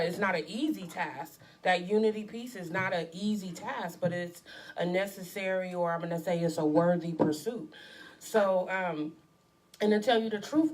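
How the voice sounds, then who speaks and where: A woman co-hosting a casual talk show, speaking in a measured, earnest way. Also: mid-range voice, a little hiss or hum. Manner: measured, earnest, lots of short agreeing replies. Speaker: podcast co-host. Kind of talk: casual chat.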